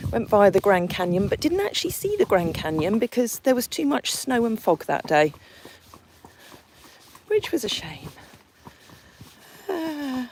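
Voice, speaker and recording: A woman's voice: mid-range voice, a little mellow, slight background noise, poor audio. Chatty Englishwoman on a live outdoor stream. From England. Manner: chatty, reads out viewer locations and comments. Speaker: horse sanctuary owner hosting a livestream. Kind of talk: live-stream chat while riding a horse. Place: outdoors on a country lane.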